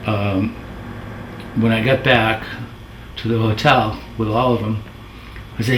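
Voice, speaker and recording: A man's voice: lowish voice, fairly even intonation, slow, long pauses, fairly bright tone. A middle-aged man, a former video editor, telling casual anecdotes in a rambling, self-correcting way. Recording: roomy with faint noise.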